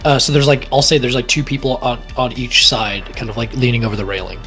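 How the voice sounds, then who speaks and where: A man's voice: medium pitch, steady tone, fast talker, a bit bright, soft background music. A man narrating as dungeon master in a tabletop game, rambling with lots of fillers. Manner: rambling, full of fillers and hedges.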